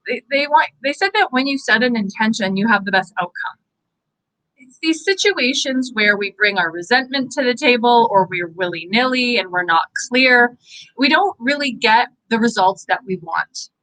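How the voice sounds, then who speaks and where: A woman's voice: a little high, animated, normal speed, pushed and bright, poor audio. A young woman from Canada giving a live angel card reading in an earnest, encouraging, declarative way. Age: young adult.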